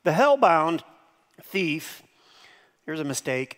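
A pastor with a high-sitting voice preaches a lively sermon at a measured pace, dropping into hushed tones and breaking out into shouted impressions. The sound is that of a big room.

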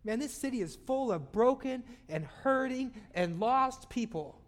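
A man preaching a sermon, with sudden loud swells and soft drops in his voice. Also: extremely high pitch, animated, measured pace. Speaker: pastor. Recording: long hall reverb.

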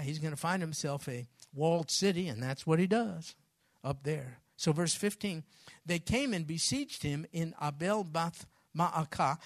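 A man preaching a sermon, telling a Bible story with lively acted-out voices. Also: a little high, no room sound, clean studio sound. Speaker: pastor.

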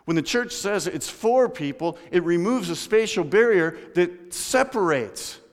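A man preaching a sermon in a church, moving between loud emphatic lines and low hushed ones and speaking to people in the room by name. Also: lively intonation, a little slow. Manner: addresses congregation members by name. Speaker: pastor. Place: church sanctuary. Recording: long hall reverb.

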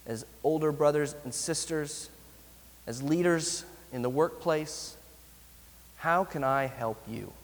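A man preaching a sermon as pastor, earnest, slowing down to stress key phrases. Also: fairly high pitch, long reverb tail.

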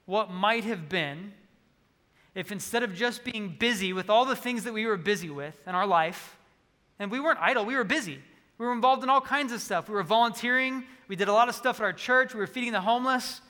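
Earnest high-voiced preacher, man. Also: brisk, sharp tone. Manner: earnest storytelling, acts out dialogue. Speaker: pastor. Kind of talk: sermon with personal story. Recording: long reverb of a large hall.

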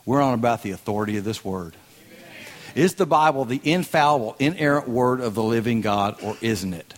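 A man's voice: mid-range voice, expressive, brisk. A man with a Southern US accent, a guest speaker giving a sermon in a folksy, joking and emphatic way. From American South.

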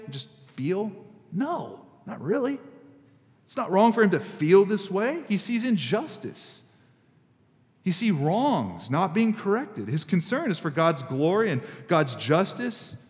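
A male pastor preaching a sermon in a conversational, emphatic way, his pitch jumping up suddenly for stress. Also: sing-song, a little slow, darkish tone. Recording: reverberant hall.

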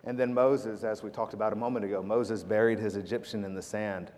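Male pastor, sermon delivery, loud emphasis to hushed prayer, long church-hall reverb. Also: on the low side, fairly even intonation, a little fast. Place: church sanctuary.

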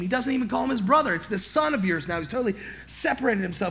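A man preaching a sermon as pastor, emphatic, swinging from quiet to loud, stammering and repeating words when he gets worked up. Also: high voice, expressive, quick pace.

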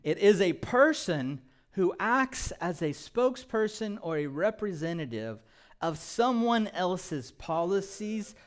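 A man preaching a sermon as pastor, prompting the congregation to repeat after him and slipping in light jokes. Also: fairly high pitch. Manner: animated preaching with call-and-response prompts; light humor, laughs at his own jokes.

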